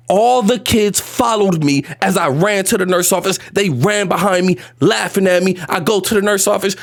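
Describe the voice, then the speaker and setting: Male vlogger, high voice, emotional storytime monologue, slangy, raw, near tears. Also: normal speed, vocal fry, few pauses. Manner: animated, repetitive retelling, slangy and profane. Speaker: vlogger telling a personal story.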